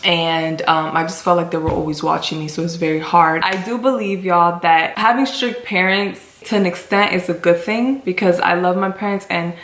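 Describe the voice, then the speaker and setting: A young woman sits in a room and tells her viewers a personal story. She speaks in a fairly low voice, confiding and emotional. Her voice carries a roomy echo. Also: fairly even intonation, normal speed, hardly any pauses, fairly bright tone. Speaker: vlogger. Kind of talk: storytime chat.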